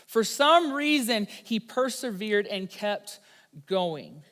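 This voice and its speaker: Young male youth pastor, high voice, animated storytelling, reverberant room. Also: slow. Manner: energetic storytelling. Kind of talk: youth sermon.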